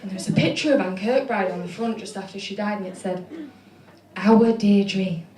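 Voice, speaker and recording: A woman's voice: medium pitch, quick pace. Young Mancunian woman doing stand-up. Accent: Manchester. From Manchester, England. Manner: chatty, self-deprecating storytelling with lots of fillers. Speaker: stand-up comedian. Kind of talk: stand-up comedy set. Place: comedy club stage. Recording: echoey venue with audience laughter. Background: crowd laughing.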